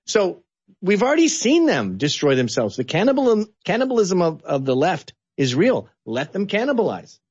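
A man from Canada giving blunt, animated political opinions as an interview guest. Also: moderate pace, husky, no echo, lo-fi sound. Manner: blunt, animated, sweeping pitch swings.

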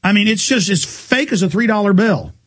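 A man hosting a political talk radio show, ranting fast and emphatically. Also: sits high, expressive, a bit bright. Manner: fast, fervent, emphatic rants.

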